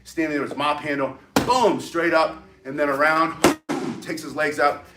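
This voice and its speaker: Guy with a bit of a high voice teaching stick fighting live, rambly and chatty, keeps talking to his viewers. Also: steady tone, normal speed, background noise. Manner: rambling, chatty, greets viewers mid-demonstration. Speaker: martial arts instructor. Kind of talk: live-streamed self-defense tutorial.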